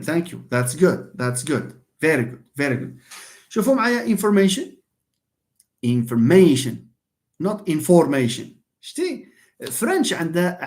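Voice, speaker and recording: A university English teacher with a Moroccan accent gives a classroom lecture in a fairly high-pitched male voice. He mixes Arabic and French into his English and repeats key words for emphasis.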